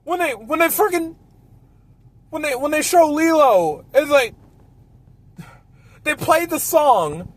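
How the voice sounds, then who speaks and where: A man's voice: very high-pitched, lively intonation, takes it slowly, pauses often. A man hosting a casual film review chat, ranting and swearing a lot. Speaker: host.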